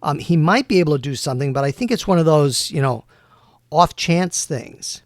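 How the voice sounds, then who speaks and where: A man's voice: fairly high pitch, animated, moderate pace, dry recording. A cautious, practical helper of a wizard who speaks hesitantly and hedges a lot, as a man acts them out. The voice stays close to an everyday speaking voice in a tabletop game.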